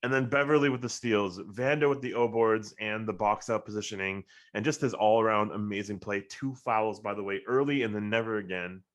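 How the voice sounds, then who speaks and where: A man with a lowish voice talking sports with a friend, mostly in an even, monotone way. He rambles through his thoughts and grows emphatic when frustrated. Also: a little fast, few pauses. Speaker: podcast co-host. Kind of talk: casual sports talk.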